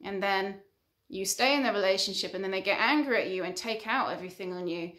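A woman's voice: medium pitch, a little fast, fairly bright tone. A woman counselor giving an earnest advice monologue, building her points through repeated short lists. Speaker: relationship counselor.

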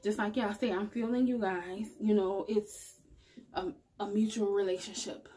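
A spiritual vlogger speaks warmly to camera, her husky, mid-range voice steady and moderately paced. She is earnest and chatty, addressing viewers directly in a casual motivational talk about spirituality.

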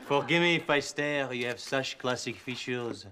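An actor with a French accent playing a suave, flirtatious French tutor with a theatrical, coaxing manner. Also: male voice, medium pitch, moderate pace, bright, forceful tone, a little hiss or hum, natural voice. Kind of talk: sitcom acting.

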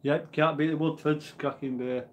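A man's voice: fairly high pitch, fairly even intonation, normal speed. A man in his forties who hosts a homebrew channel, rambling in a casual live-stream chat and answering viewer comments as he goes.

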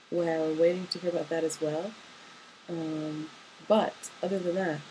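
A woman's voice: on the low side, a little mellow, a little hiss or hum, poor audio. A young woman, a college student, records a rambling, tender voice message to her partner, full of ums and hesitations. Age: young adult.

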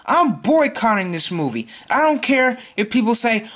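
A man's voice: sits high, very animated, normal speed, hardly any pauses, fairly bright tone. A man ranting in a vlog, exasperated and repeating himself as he vows to boycott a movie. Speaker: YouTuber.

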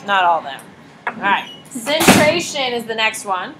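A woman's voice: a little high, very animated, measured pace, heavy background noise. A young woman teacher giving a chatty classroom lecture, telling stories with sarcastic asides. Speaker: high school teacher.

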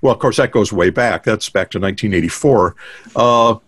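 Older man with a low voice. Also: brisk, a bit bright, dry recording. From United States. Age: 60s. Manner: rambling, many fillers and restarts. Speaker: guest drummer. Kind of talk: casual storytelling interview. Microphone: video call.

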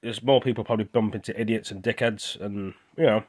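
A man's voice: on the low side, fairly even intonation, fast. A young British man talking with his mouth full, venting in a rambling, indignant casual vlog. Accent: British English. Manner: rambling and indignant, with restarts and repeated words. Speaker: vlogger.

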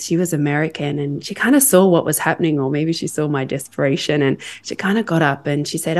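An Australian woman, a podcast guest, telling lively stories of her work and acting out her own reactions. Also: deep voice, quick pace, hardly any pauses. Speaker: guest, sales enablement leader. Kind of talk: storytelling in a podcast interview.

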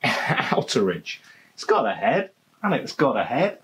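A man with a Leicestershire accent talks through a beer review in a relaxed home vlog. His voice sits at an ordinary middle pitch for a man. He speaks casually, cracks jokes and likes to say the same phrase twice. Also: normal speed. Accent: Leicestershire English. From England. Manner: chatty and jokey, repeats phrases. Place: home garden, outdoors.

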